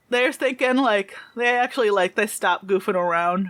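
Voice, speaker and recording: A woman running a tabletop game as game master, narrating in a rambling, animated way. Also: mid-range voice, normal speed.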